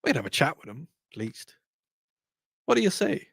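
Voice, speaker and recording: A man's voice: a little high, very animated, moderate pace, creaky, fairly bright tone, husky, no room sound. A man with an Irish accent hosting a talk radio show, rambling and joking through a casual monologue into a studio microphone. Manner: rambling, digressive, jokey.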